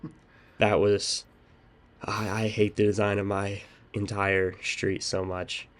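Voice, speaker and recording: A man's voice: on the low side, level tone, takes it slowly. A young man hosting a podcast, telling a story in casual chat with lots of ums. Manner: rambling storytelling with many "um"s. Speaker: podcast host.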